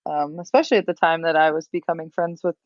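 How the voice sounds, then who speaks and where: A woman's voice: sits low, steady tone, quick pace, no echo, highs cut off. A woman with an East Coast American accent, a podcast guest in casual chat who talks frankly and laughs easily.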